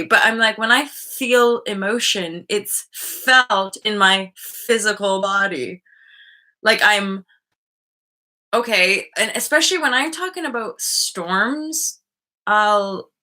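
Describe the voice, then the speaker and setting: Woman, live-stream host, bright clear tone, casual, frank, chatty, thinking aloud. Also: medium pitch. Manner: reflective, thinking aloud with many fillers. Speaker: host of a live online show. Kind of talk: casual live-stream talk on spiritual healing.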